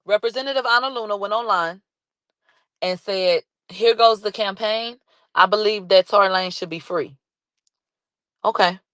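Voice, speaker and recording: A woman giving excited live commentary, reading posts and chat aloud, laughing and shouting in bursts. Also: mid-range voice, moderate pace, pauses often, no echo. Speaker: commentary vlogger.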